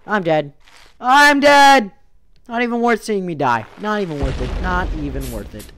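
A woman narrating her own gameplay in a let's play, excitable, with yelps and whoops, and losing her voice. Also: fairly low pitch, normal speed, a little hiss or hum. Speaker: gaming YouTuber.

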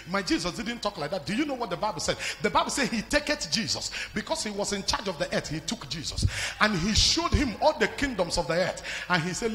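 A man with a Nigerian accent preaching a fiery sermon as pastor, swinging from hushed to shouting. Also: high voice, sing-song, quick pace, a little hiss or hum. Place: large church hall. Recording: live hall with music behind.

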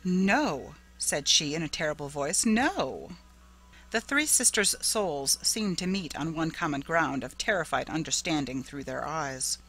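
A woman narrating a classic ghost story in a measured, steady way. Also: low voice, poor audio.

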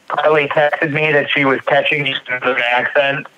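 A man hosting a podcast in a casual, jokey way, often halting and restarting. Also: mid-range voice, level tone, pushed and bright, lo-fi sound. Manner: jokey, halting, stumbling over words. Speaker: podcast host.

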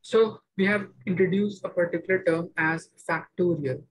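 A man teaching a maths class, explaining each step slowly and checking that students follow. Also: sits high, fairly even intonation, poor audio. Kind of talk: online maths lecture.

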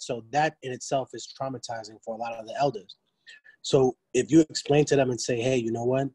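A man's voice: medium pitch, a little mellow, slightly rough, no room sound, low-quality recording. A man, giving a blunt, streetwise lecture to students, with frequent profanity and restarts. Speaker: guest lecturer.

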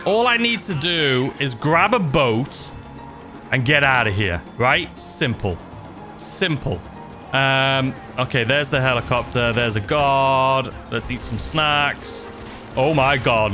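A man's voice: on the high side, bright, forceful tone. Anxious man narrating gameplay. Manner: anxious, self-talking, frequently exclaiming. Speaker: gaming YouTuber. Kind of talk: live gameplay commentary.

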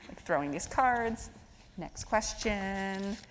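A woman in her thirties hosting a stage conversation, talking in a lively, filler-heavy, storytelling way. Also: medium pitch, slow. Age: 30s. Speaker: host moderating a stage conversation. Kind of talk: chatty onstage conversation. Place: stage of a live event in a hall. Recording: echoey hall with faint noise.

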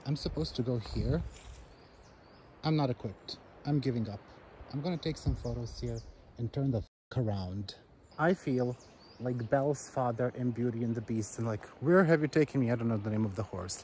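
A man talks to his own camera while hiking and wandering outdoors, joking to himself and jumping up into high, alarmed exclamations. His voice sits at an ordinary middle pitch. The handheld recording carries clear outdoor noise behind him. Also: dark tone. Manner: dramatic, jokey self-talk with sudden high exclamations. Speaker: travel vlogger. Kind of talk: casual vlog narration. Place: outdoors, forest trail and riverside city. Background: outdoor ambience, flowing water.

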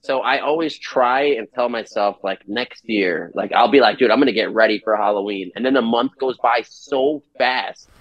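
Brief: man from New Jersey, guest musician, lively storyteller who plays out every quote, mid-pitched voice. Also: moderate pace, few pauses, dry recording, lo-fi sound. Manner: animated storyteller acting out quoted dialogue. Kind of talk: casual chat.

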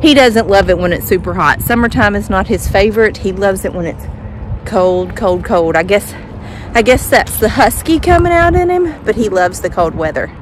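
A woman's voice: medium pitch, lively intonation, normal speed. A woman chatting casually while she walks her dogs through the neighborhood. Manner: chatty, praises dogs in a sing-song voice. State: a bit out of breath after sprinting. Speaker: vlogger walking her dogs. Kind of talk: casual chat while walking. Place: outdoors on a neighborhood street. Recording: outdoor background noise.

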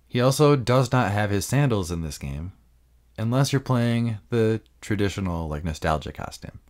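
A man co-hosting a podcast, chatting casually about fighting games with frequent laughs and loose filler words. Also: deep voice. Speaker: podcast co-host.

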